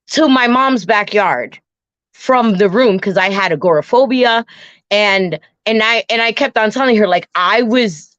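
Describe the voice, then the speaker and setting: A woman casually telling a personal travel story, animated, often restarting and acting out her own and her friend's words. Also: fairly high pitch, no echo. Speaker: guest storyteller. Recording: dull, dry lo-fi sound.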